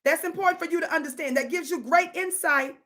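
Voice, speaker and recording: A woman hosting a live stream, telling a story to viewers in an animated, preachy call-and-response style. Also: very high-pitched, quick pace. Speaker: livestream host. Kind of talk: casual livestream storytelling.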